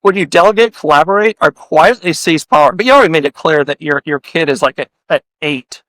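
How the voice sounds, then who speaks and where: A man's voice: on the high side, animated, fairly quick, a bit bright, dry recording, poor audio. A man hosting a podcast interview, joking around and firing off playful hypothetical questions in casual chat. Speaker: podcast host.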